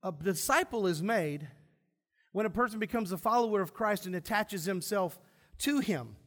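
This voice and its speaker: A high-pitched man preaches to his congregation in a church. He speaks with emphasis and keeps posing questions to the room, then answers them himself. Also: lively intonation, normal speed, a bit bright. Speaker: pastor. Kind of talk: sermon.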